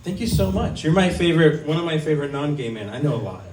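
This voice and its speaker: A man's voice: on the high side, animated, fast, background noise. A man in his fifties doing a stand-up set at an open mic, crude and self-deprecating, rambling with many ums. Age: 50s. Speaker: stand-up comic. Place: small comedy venue. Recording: roomy, mic heard from a distance.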